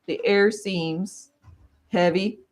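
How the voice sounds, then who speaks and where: A woman reading a textbook aloud while she studies, dramatic and playful, with quick joking asides. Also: mid-range voice, steady tone. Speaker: vlogger.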